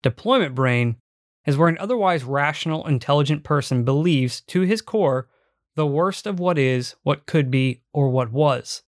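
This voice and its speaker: A man giving measured, reflective first-person audiobook narration. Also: on the high side, animated, no room sound, studio quality.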